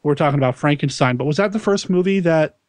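A man's voice: a little high, fast talker, a little mellow, no room sound. A man hosting a podcast, chatting casually and enthusiastically, often laughing. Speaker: podcast host. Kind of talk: casual chat.

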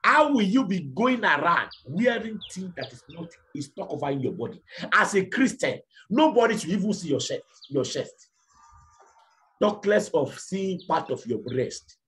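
Impassioned preacher with a lively high voice. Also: male voice, normal speed, slight background noise. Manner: impassioned, repeats lines, shouts rhetorical questions. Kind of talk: fiery sermon.

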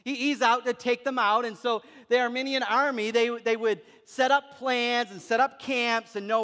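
High-voiced man preaching in a hall. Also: steady tone, moderate pace, hardly any pauses, sharp tone. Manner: storytelling with frequent repetitions and restarts. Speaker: pastor. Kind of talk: sermon. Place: church hall. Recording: reverberant church hall.

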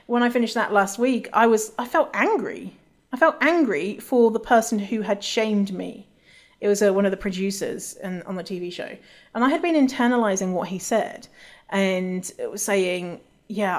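A woman hosting a solo podcast, talking casually and candidly, swearing freely and restarting her sentences often. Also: a little high. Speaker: podcast host.

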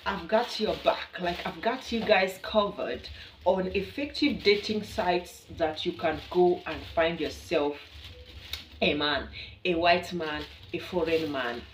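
A Kenyan woman with a Kenyan accent chats to camera in a casual vlog, playful and full of energy, laughing often as she talks to her viewers. Her voice is lowish and slow-paced, with a little hiss or hum. The room is echoey and the mic sits at a distance.

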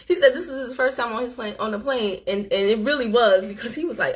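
A woman hosting a live stream, chatting straight to her viewers as she tells a story in an animated, casual way. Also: fairly high pitch, fast, few pauses. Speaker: livestream host. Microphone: phone or webcam on a live stream.

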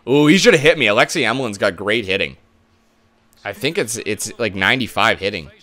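A young man doing live gameplay commentary, easily frustrated, swearing and breaking into loud outbursts. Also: on the low side, animated, brisk. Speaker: gaming channel host.

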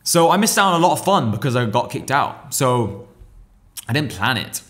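A young man in his twenties, a podcast guest telling a story in slangy, profane, lively casual talk. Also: medium pitch, normal speed. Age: 20s. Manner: profane, slangy, animated retelling.

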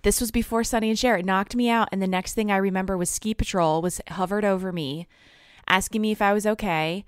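A woman's voice: mid-range voice, steady tone, a little fast, smooth, dry recording, clean studio sound. A woman co-hosting a podcast, telling a rambling story in casual chat and laughing often. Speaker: podcast co-host.

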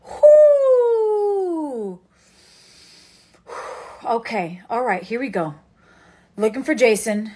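A woman in her thirties chatting casually on a livestream, excitable and emotional, laughing often. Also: fairly high pitch. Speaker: livestream host. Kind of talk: casual live chat.

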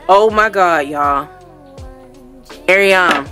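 A woman's voice: on the low side, animated, slow pace, pauses often, a bit bright, soft background music. A woman vlogger unboxing products, gushing and exclaiming as she chats casually to her viewers at home. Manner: gushing, exclamatory, keeps addressing viewers as y'all.

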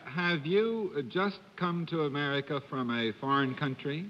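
A man's voice: on the high side, moderate pace, a crowd in the background. Male guest panelist, hesitant and stumbling, dull old broadcast. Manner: hesitant, stumbling over his words. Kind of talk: quiz questioning on a TV panel show. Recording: dull 1950s TV broadcast, hall reverb, faint hiss.

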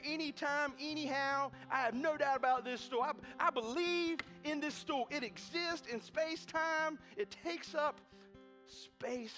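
A man preaching with a notably high, ringing voice, piling on repeated words and quick restarts as he tells his stories. He slips into other people's voices as he goes. Soft guitar plays faintly behind him. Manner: animated, repetitive restarts, acts out quoted voices. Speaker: pastor. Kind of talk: sermon with storytelling. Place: church sanctuary.

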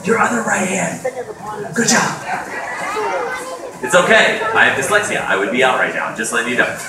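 A joking man runs a kids' dance game through a PA system, his voice ringing with heavy echo. Heard from a distance, he sounds fairly high and swoops widely in pitch. Loud crowd ambience fills the space behind him. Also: normal speed. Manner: joking, teasing, animated, calls out to the crowd. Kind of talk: playful crowd hosting on a mic. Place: outdoor public event space. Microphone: handheld mic over a PA system.

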